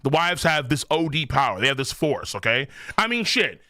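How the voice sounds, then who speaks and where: A male streamer riffing through a live reaction, his voice swinging wildly up and down and carrying a bright, forceful edge. He talks excitably, swears freely and thinks aloud, close and dry on the mic. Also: a little high, normal speed, no echo.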